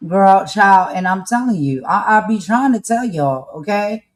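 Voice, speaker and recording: A woman's voice: medium pitch, animated, normal speed. A woman with a New Jersey accent tinged with North Carolina, speaking emphatically as a podcast co-host in casual commentary. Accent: New Jersey with a touch of North Carolina. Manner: emphatic, fired-up, uses "y'all" and "okay?".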